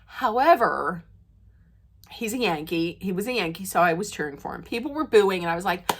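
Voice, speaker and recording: Woman telling a lively story. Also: normal speed, noisy background. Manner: animated, laughs often, voice jumps high and loud when excited. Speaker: vlogger. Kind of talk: casual storytelling to camera.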